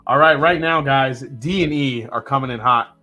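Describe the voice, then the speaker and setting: This whiskey livestream host is a man of medium pitch and moderate pace, heard over gentle background music. He chats casually through the live tasting and reads viewer comments, laid-back and full of fillers and sips.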